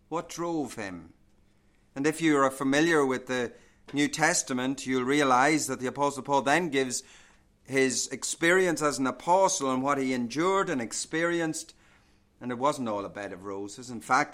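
A man's voice: medium pitch, a bit bright. A male pastor preaching a sermon, building emphasis with repeated phrases and rhetorical questions.

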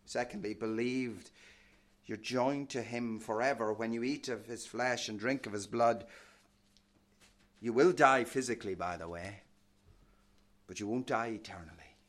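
A man preaching a sermon with passion, quoting old-fashioned scripture, his voice swelling loud and then dropping to a hush. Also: medium pitch, unhurried, long pauses.

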